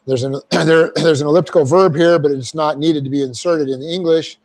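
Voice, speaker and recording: A man's voice: on the high side, fairly even intonation, a little fast, a little mellow. Man teaching a Bible class. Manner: explains Greek grammar step by step, dictating punctuation; folksy asides, repeats phrases for emphasis. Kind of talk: verse-by-verse Bible class lecture.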